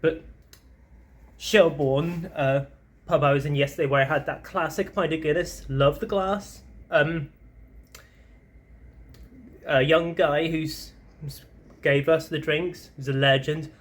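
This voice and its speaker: A man's voice: a little high, steady tone, slow pace, long pauses. A man chatting casually in a travel vlog, upbeat and rambling, with lots of ums as he talks while walking around a city. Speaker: travel vlogger. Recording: street traffic noise behind.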